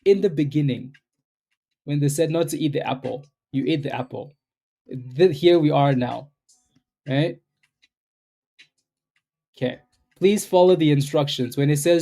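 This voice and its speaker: A man's voice: on the high side, moderate pace, long pauses, dark tone. A man hosting a live stock trading stream, chatting casually in a rambling way and often tagging "right?". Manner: rambling, keeps asking "right?", repeats himself. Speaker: stock trading livestream host. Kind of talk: casual live market commentary.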